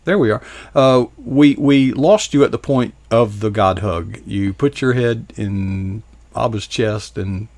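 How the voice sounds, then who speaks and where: Relaxed, low-voiced male host. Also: takes it slowly, hardly any pauses, no echo. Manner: relaxed and affirming, often murmurs agreement. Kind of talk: casual interview chat.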